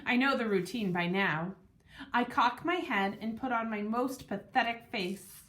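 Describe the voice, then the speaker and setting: A woman narrating a children's storybook in first person with an expressive, lively delivery. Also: a little high, unhurried. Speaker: audiobook narrator.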